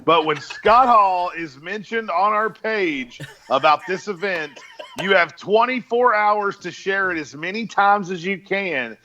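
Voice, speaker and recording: A man's voice: high voice, animated, measured pace, pushed and bright, muffled recording, a little hiss or hum. A man co-hosting a casual wrestling podcast, talking in an upbeat, promotional way and laughing often. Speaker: podcast co-host.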